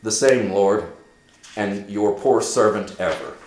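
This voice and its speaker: A man voicing a loyal, earnest young friend who reports in a halting, careful way. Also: on the low side, darkish tone, pitched above the performer's own voice. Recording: echoey room.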